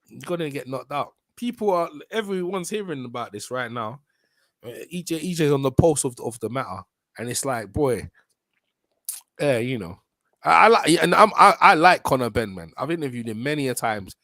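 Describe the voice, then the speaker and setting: A man hosting a casual boxing livestream, animated and slangy, repeating himself as he talks. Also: mid-range voice, moderate pace, dry recording.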